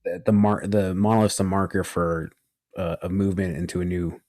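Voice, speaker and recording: A man chatting as a podcast guest, pausing often with fillers between thoughts. His voice is on the low side, and the microphone sounds dry and close. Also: flat delivery, mellow, dry recording. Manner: hesitant, filler-heavy, laughing banter. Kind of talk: casual podcast chat.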